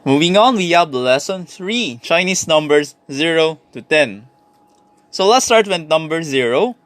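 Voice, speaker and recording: A man's voice: a little high, lively intonation, unhurried, fairly bright tone, dry recording. Filipino man teaching tones, dry sound. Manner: switches between Tagalog and English, demonstrates tones by repeating syllables. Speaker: language teacher. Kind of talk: recorded lesson.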